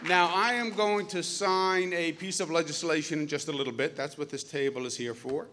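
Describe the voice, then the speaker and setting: A man's voice: on the high side, steady tone, moderate pace, noisy background. A man in his fifties with a Queens New York accent, giving a folksy public speech to students and telling stories with joking asides. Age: 50s. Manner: folksy, storytelling, jokey asides. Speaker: governor speaking at a school. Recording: reverberant hall.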